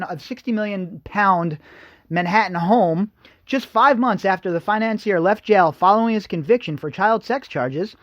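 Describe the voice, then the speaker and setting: A man's voice: fairly high pitch, no echo, dull audio. A man hosting a podcast, reading news articles and breaking off into sarcastic, mocking commentary to his listeners. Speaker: podcast host. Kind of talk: ranting commentary over read-out news.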